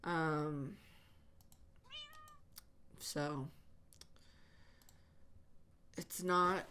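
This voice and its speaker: A woman host chatting casually while she plays, halting with many fillers and restarts, often sighing. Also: deep voice. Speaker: channel host. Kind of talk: casual chat while gaming. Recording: audible background noise.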